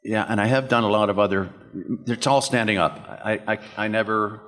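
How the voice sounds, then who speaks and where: A man's voice: fairly low pitch, steady tone, brisk, fairly bright tone. An older man from Canada, a guest voice actor at a convention panel, telling rambling anecdotes and laughing through them. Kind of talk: storytelling at a panel Q&A. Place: convention hall. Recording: reverberant convention hall.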